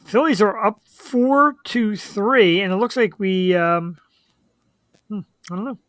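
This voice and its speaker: A woman's voice: medium pitch, slow, no echo, clean studio sound. A woman hosting a live web show, chatting casually and rambling with easy laughs. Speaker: show host.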